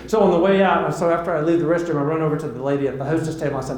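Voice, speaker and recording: A middle-aged man giving a keynote speech at a luncheon, telling an animated story and acting out the dialogue. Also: a little high, racing, few pauses, reverberant, a little hiss or hum. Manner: animated, acts out dialogue in quotes. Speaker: keynote speaker. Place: large hall at a luncheon.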